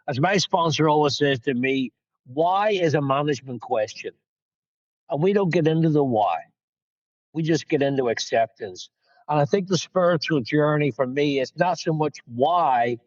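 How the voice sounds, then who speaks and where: A man from Northern Ireland, with a Northern Irish accent and a mid-range voice, speaks on dull audio without echo. Sitting in his parked car as a guest speaker, he tells his personal recovery story frankly, with candid, self-mocking storytelling.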